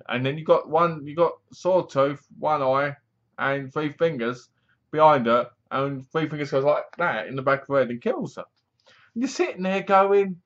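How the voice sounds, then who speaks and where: A man's voice: on the high side, normal speed, fairly bright tone. A man giving a casual, rambling movie review in a frank way, sometimes stumbling over words. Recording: slightly dull lo-fi recording.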